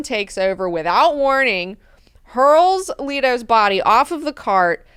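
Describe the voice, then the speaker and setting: A woman's voice: on the high side, unhurried, clear, resonant tone, dry recording, clean studio sound. Chatty, profane woman recapping a book. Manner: animated, profane, chatty retelling. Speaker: book club host. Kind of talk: casual chapter recap.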